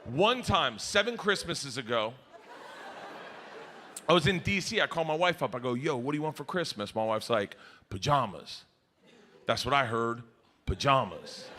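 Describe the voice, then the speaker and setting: A middle-aged man works a comedy club stage, telling his stories loudly and shouting the punchlines. His voice sits high and leaps all over the place. The live club audio carries a clear wash of audience noise behind him. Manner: loud, animated storytelling with shouted punchlines. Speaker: stand-up comedian. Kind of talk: stand-up comedy set.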